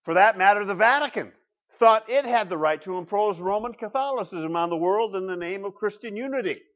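A man's voice: high-pitched, animated, brisk, fairly bright tone. A middle-aged man preaching a sermon as pastor, emphatic, asking the congregation rhetorical questions. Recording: dull lo-fi sound.

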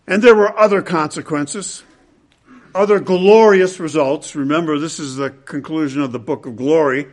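A man preaching an expository sermon, repeating key phrases and swinging between loud, emphatic peaks and hushed, low passages. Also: normal speed.

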